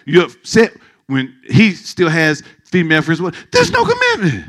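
A male pastor delivering a sermon in a church, teasing and joking with his congregation as he goes. His pitch leaps all over the place, and his voice rings bright and sharp. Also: huge pitch swings, normal speed. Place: church sanctuary.

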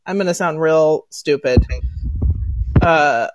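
A woman's voice: sits low, slow. A woman from the United States co-hosting a podcast, chatting casually, trailing off and laughing as she tells stories. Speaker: podcast co-host. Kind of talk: casual chat.

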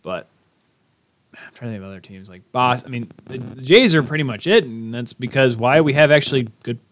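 A young man co-hosting a casual sports podcast, loud and ranting as he argues and jokes with his friend. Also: mid-range voice, brisk. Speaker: podcast co-host.

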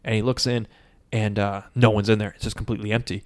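A man in casual podcast chat, recapping a movie with lots of swearing and quick quoted voices. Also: on the low side. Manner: profane, animated storytelling with quick quoted voices.

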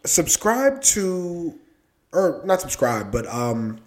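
A laid-back man co-hosting a podcast, chatting casually and joking with plenty of swearing. His pitch moves around a lot as he talks, rising and falling in an animated way. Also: slow. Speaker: podcast co-host. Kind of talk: casual chat.

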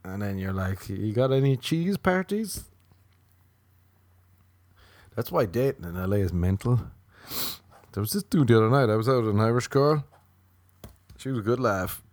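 A man with a low voice rambles through a crude, self-mocking comic monologue. He keeps jumping into high, mocking voices to quote the people in his stories. The sound is dry and close. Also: fairly quick, pauses often, a little mellow, no room sound. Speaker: comedian.

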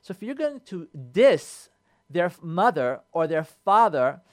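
A man, a rabbi, giving marriage advice on a radio show in an animated way, repeating phrases and mixing in Hebrew terms. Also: high-pitched, a little slow. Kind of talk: radio talk. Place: radio studio.

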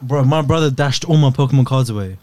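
A man's voice: mid-range voice, quick pace, warm tone, dry recording. A young man in a casual podcast chat, eagerly telling stories and using plenty of slang. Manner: eager storyteller, uses slang.

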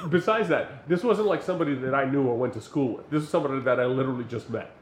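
A man from New co-hosting a podcast, telling a story with lively, acted-out quotes. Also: quick pace, roomy sound, a little hiss or hum. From New York. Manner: animated storyteller acting out quotes in a high voice. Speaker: podcast co-host. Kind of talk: casual chat.

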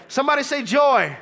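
A young adult man preaching a sermon in an animated, conversational way, throwing rhetorical questions at the congregation. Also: extremely high pitch, vocal fry.

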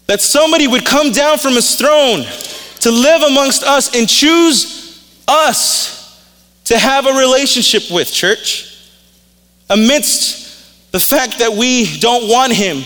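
A man's voice: very high-pitched, a bit bright. A male pastor preaching a sermon in a casual, storytelling way, openly emotional. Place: church sanctuary. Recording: reverberant hall.

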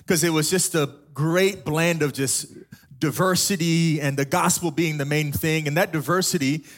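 A man's voice: on the high side, fairly even intonation, moderate pace. A young adult man from Africa, a pastor giving a sermon in a casual, storytelling way with humorous asides.

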